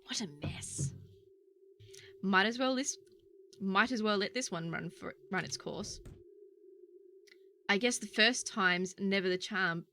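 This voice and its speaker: A woman's voice: medium pitch, takes it slowly, long pauses, pushed and bright, slight background noise. A young woman chatting through a game playthrough, easily spooked and joking, with game music behind her. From Australia. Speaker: gaming streamer. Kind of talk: let's play commentary.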